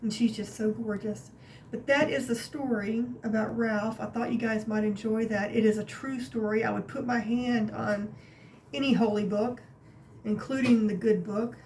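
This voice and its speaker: A woman vlogger telling a personal story in a chatty, animated way, with many fillers and some laughter, from her craft room at home. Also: fairly high pitch, moderate pace, a little hiss or hum. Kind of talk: casual storytelling to camera.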